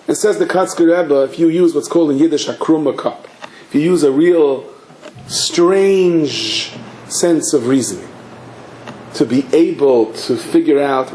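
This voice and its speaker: A man, a rabbi, giving a sermon with animated storytelling and acted-out dialogue. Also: fairly high pitch, normal speed, a little hiss or hum. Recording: echoey room, faint ambience.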